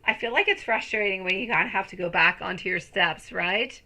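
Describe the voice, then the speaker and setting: A woman with a very bright, sharp voice reads tarot live for her viewers. She gushes over them with pet names and breaks into excited bursts between softer, soothing stretches. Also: mid-range voice, fairly quick, rough recording. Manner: affectionate, calls viewers sweetie and my lovely. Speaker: tarot reader. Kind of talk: live-stream chat with viewers.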